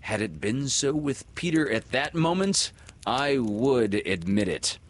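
A man narrating a children's adventure storybook in an expressive, measured way. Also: mid-range voice. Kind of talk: storybook reading.

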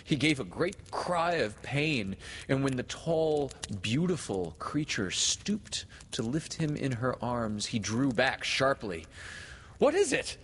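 A man narrating a storybook in an unhurried, expressive manner. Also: mid-range voice. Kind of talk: audiobook narration. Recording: reverberant room, faint hiss.

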